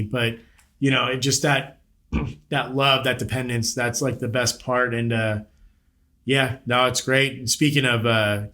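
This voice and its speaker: A man's voice: medium pitch, pushed and bright. Thirties male podcast host, mid-range voice, blunt, jokey, swears a lot. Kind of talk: casual interview chat.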